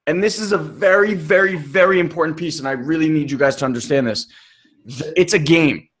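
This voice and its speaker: A man coaching in a live webinar, speaking emphatically and casually, with occasional swearing. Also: on the high side. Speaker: life coach.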